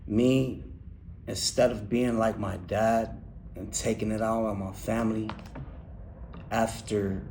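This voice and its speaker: A young man speaks in a low, flat voice, telling his own hard past in halting phrases. He restarts often and lets his words fall quiet at times. Faint background noise sits under the voice. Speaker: interviewee, incarcerated man. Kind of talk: candid personal testimony.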